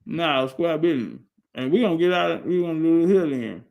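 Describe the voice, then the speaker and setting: A man hosting a live stream, talking loosely and shouting out viewers. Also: fairly high pitch, expressive, quick pace, creaky, muffled recording. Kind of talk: casual live-stream talk.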